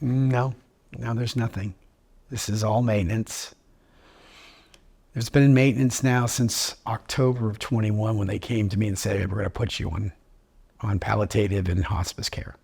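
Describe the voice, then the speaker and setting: A man's voice: fairly low pitch, fairly even intonation, moderate pace, vocal fry, long pauses, darkish tone, slightly rough. A man telling his own story in an interview, upbeat and joking, acting out what others said to him. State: living with terminal illness. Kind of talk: personal storytelling.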